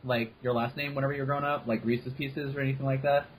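A man's voice: medium pitch, flat delivery, fast, a loud crowd, rough recording. Teasing male podcast guest. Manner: teasing, blunt banter. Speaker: podcast panelist. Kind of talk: casual podcast chat.

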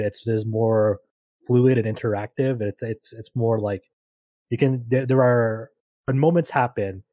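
A man co-hosting a podcast, speaking in a halting, casual way full of filler words and repeated words. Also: medium pitch, warm tone, dry recording. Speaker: podcast co-host.

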